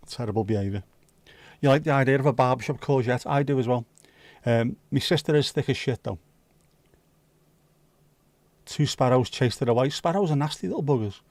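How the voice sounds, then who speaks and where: Sweary jokey Brummie livestream host. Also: male voice, medium pitch, a little mellow, no room sound. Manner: banter with sweary jokes and quick asides. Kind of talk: casual chat with viewers. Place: home livestream setup.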